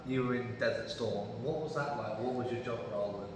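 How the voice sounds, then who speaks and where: A male podcast host asks brief, quiet questions from well off the mic. The room is very echoey with a long reverb, and a faint ambient hiss sits underneath. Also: medium pitch, fairly quick, recorded from a distance. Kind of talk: interviewing.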